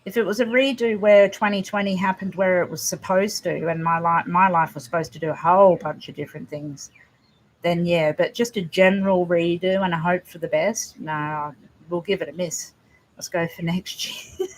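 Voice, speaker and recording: A woman hosting a casual livestream, answering viewers' comments in a halting, emotional way with frequent restarts. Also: fairly low pitch, fairly even intonation. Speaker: livestream host.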